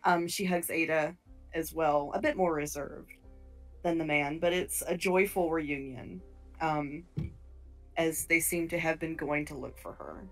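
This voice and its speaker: A woman's voice: low voice, steady tone, measured pace, faint music behind. Woman game master narrating. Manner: descriptive, with fillers and restarts. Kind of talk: narrating a tabletop horror game.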